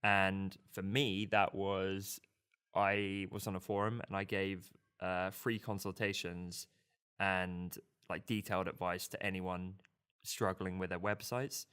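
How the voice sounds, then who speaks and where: A man's voice: deep voice, level tone, a little slow, a bit bright, clear, resonant tone. A man co-hosting a design podcast, talking casually with loose, rambling sentences and frequent restarts. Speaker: podcast co-host.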